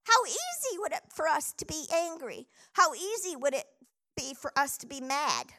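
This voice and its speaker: A woman's voice: high voice, sing-song, normal speed, sharp tone. A middle-aged woman preaching a sermon, telling a scripture story with animation and reading verses aloud.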